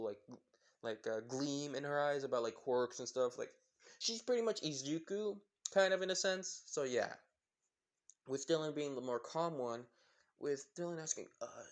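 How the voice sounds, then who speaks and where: A man casually retelling a fan story, rambling with lots of fillers and self-corrections. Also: mid-range voice.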